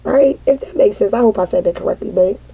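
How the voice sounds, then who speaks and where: A middle-aged mother telling a candid, casual personal story, animated and peppered with cursing. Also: medium pitch, fast talker, creaky, slightly rough, poor audio. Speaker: mother sharing parenting experience.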